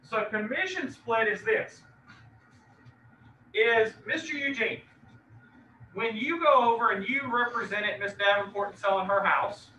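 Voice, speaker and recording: A male real estate instructor giving an animated classroom lecture and quizzing his students by name. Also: very high-pitched, slight background noise. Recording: echoey classroom from far off, dull.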